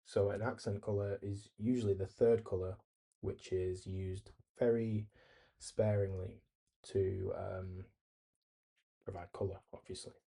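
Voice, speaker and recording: Easygoing man with a dark, husky voice. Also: deep voice, little pitch movement, measured pace. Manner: easygoing, thinks aloud while typing and reading replies. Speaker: tutorial host. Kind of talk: screen-recorded coding tutorial.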